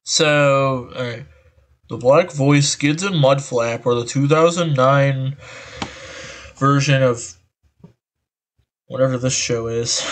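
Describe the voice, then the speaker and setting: A man's voice: mid-range voice, slow pace, pauses often. A man reading an article aloud and reacting with exasperated, rambling commentary through a voice changer, sighing often. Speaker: online commentator.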